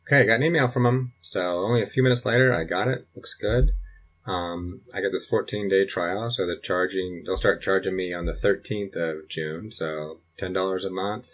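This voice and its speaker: A man's voice: sits low, moderate pace, fairly bright tone. A middle-aged man walking through a computer setup at home, thinking aloud and rambling with restarts. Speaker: dad recording a computer tutorial. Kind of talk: casual screen-recording walkthrough. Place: home in Colorado.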